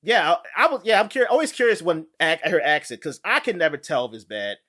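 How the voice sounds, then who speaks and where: Animated, high-pitched podcast co-host. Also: male voice, fast. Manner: animated, laughing, rambling with restarts. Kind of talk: casual chat.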